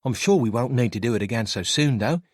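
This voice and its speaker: A man's voice: mid-range voice, expressive, fast talker, dry recording, studio quality, voice pushed up, close to an everyday voice. A man voicing a big, nervous young man from New Zealand who complains a lot, with a New Zealand accent.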